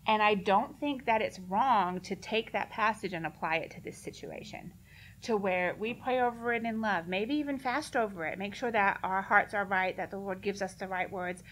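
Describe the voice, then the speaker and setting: A woman's voice: medium pitch, normal speed, a bit bright. Earnest, direct woman speaker. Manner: earnest and direct, laughs often. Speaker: conference speaker answering questions. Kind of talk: casual Q&A talk.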